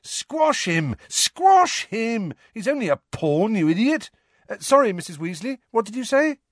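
A man voicing an excitable teenage boy who blurts and protests, in a raised voice, for an audiobook. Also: high-pitched, fast talker, no room sound, studio quality, voice pushed up, heavily acted. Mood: excited. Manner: blurting, indignant.

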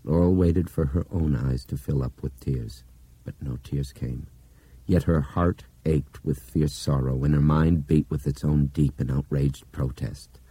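A man reading a novel aloud in steady, measured narration that drops to a hush at times. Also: extremely low pitch, slightly rough, no echo. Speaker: audiobook narrator. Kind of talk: scripted narration.

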